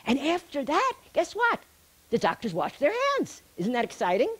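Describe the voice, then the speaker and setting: A middle-aged woman speaking to a live audience, telling a personal story in a chatty, animated way and laughing at herself. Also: high-pitched, moderate pace, slightly rough. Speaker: speaker giving a healing talk.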